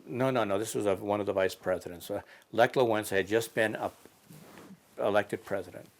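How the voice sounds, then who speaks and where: A man in an interview, telling stories in a casual, halting way with many fillers. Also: on the low side. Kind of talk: casual storytelling.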